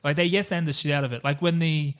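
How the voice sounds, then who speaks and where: A man co-hosts a casual movie podcast with a slightly high voice. He gushes about scenes he loves, laughs often and swears freely. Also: steady tone, quick pace. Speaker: podcast co-host.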